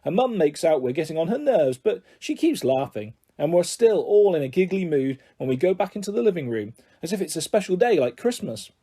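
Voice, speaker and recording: A man reading a children's novel aloud in gentle, expressive first-person narration. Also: on the high side, brisk, hardly any pauses, husky. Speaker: audiobook reader.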